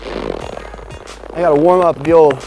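A man's voice: on the high side, slow, vocal fry, soft background music. A man hosting a children's educational show outdoors in a windy field, bubbly and goofy, talking straight to the young viewers. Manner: bubbly, goofy and animated, talks to viewers directly. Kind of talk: kids' educational show presenting.

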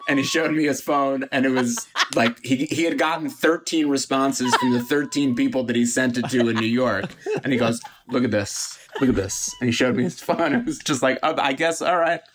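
A man's voice: mid-range voice, fairly even intonation, moderate pace, background noise. A man who is an actor and a guest on a podcast, telling a story with chuckles and a self-deprecating humor. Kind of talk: casual anecdote telling.

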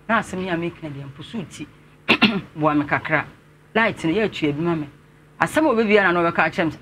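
A Ghanaian man speaks as an interview guest, slightly high and bright in tone. He talks earnestly and respectfully, with faint ambient noise behind him. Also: quick pace. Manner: earnest, respectfully addressing the host. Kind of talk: telling his life story in an interview.

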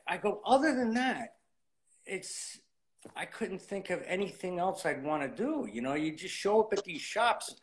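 Lively storyteller man in his fifties. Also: high voice, moderate pace, slight background noise. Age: 50s. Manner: animated storyteller acting out old conversations. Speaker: interview guest. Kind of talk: casual storytelling interview.

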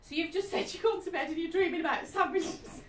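A woman's voice: very high voice, brisk. Chatty woman medium, echoey hall. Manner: chatty, keeps asking "are you with me?". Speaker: psychic medium. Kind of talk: live reading to an audience. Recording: echoey room, distant mic, faint noise.

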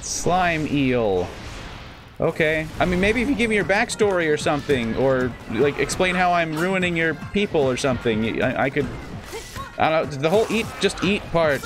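A man narrating his playthrough in a casual, joking voice whose pitch swings widely as he reacts. He wanders into rambling asides and then bursts out in excitement. Faint game music plays underneath. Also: normal speed. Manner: jokey, rambling asides and sudden excited outbursts. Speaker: let's play host. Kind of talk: casual gameplay commentary.

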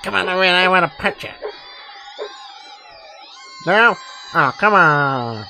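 A man's voice: sits high, lively intonation, slow pace, gravelly, bright, forceful tone, full character voice. A man doing an impression of a middle-aged cartoon dad, commentating a horror game in a hesitant way. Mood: panicked. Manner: hesitant, many uhs, yelps in panic. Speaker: gameplay commentator. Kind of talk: Let's Play commentary in an impression voice. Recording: music playing behind.

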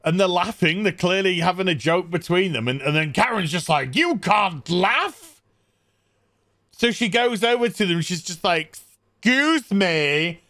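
A man's voice: sits high, fairly quick, few pauses, a bit bright, dry recording. A man hosting a podcast, recapping a movie comically in a mocking, incredulous tone. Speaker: podcast host.

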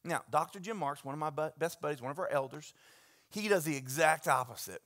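A pastor in his church gives a sermon with a bright, clear tone. He tells stories animatedly, sometimes dropping to a near hush and sometimes rising to loud, excited bursts. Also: a little high, brisk. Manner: animated storytelling, swings from hushed to loud. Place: church sanctuary.

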